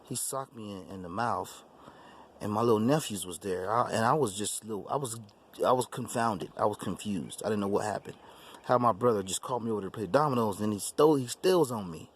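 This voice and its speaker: A man's voice: fairly low pitch, a little fast, slight background noise. Man telling a story, repeating himself. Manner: repetitive, emphatic, restarts phrases. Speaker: YouTube channel host. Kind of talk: personal testimony storytelling.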